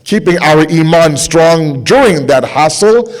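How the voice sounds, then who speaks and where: A young man giving a sermon to a gathering, impassioned, repeating phrases for emphasis and dropping to quiet intensity. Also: on the high side, expressive, measured pace. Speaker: speaker at a religious gathering.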